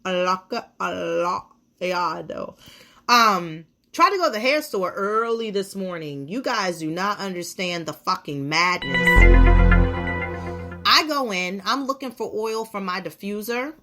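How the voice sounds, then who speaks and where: A woman hosts a podcast and talks straight into the mic in a loose, profane monologue. She rants bluntly from one gripe to the next, at a middle pitch for a woman. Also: animated, measured pace, sharp tone, soft background music. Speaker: podcast host.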